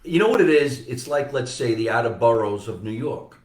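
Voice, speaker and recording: A man with a New Jersey accent hosting a casual comedy podcast, loud and joking, swearing as he tells stories. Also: mid-range voice, expressive, normal speed, recorded from a distance. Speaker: podcast host. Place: basement room. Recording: echoey room.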